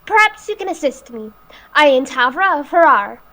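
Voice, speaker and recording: A woman gives heavily acted voice to a weary, formal female envoy who speaks politely and trails off. The performance sits high above her own voice, sing-song and bright with a forceful tone, at normal speed.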